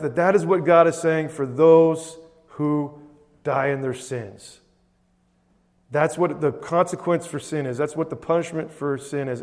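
A man preaching a sermon as a pastor, conversational and emphatic, swinging between loud and soft. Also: on the high side, in a large hall. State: choked up with emotion.

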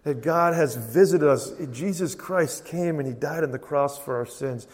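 A male preacher with a slightly higher voice delivers an earnest sermon, hammering key phrases again and again. He drops to near quiet, then rises to ringing declarations. The sound carries the long reverb of a big church hall. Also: moderate pace. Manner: earnest, repetitive emphasis, swings between quiet and loud.

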